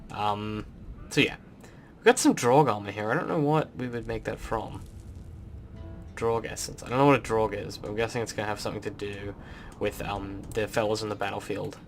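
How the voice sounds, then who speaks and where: A young Australian man with an Australian accent touched with British, giving rambling, relaxed gameplay commentary full of ums. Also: lowish voice, creaky, slight background noise. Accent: Australian, mixed with British. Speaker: let's play host.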